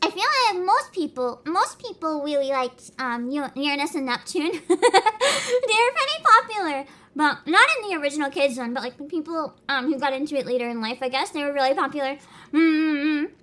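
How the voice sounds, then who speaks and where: A young adult woman streaming live, ranting loudly with swearing and laughter while greeting her chat. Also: high-pitched, animated, normal speed. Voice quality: avatar anime streamer voice. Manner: loud, laughing, swearing rants.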